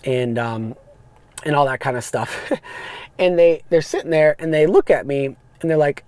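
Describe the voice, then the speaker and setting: A chatty man spins his driving stories in a loose, rambling way. He restarts sentences and piles on fillers. His voice sits a little high, and the sound is close and dry. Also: normal speed, a little mellow, dry recording. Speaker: podcast host, rideshare driver. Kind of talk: casual storytelling monologue. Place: parked car.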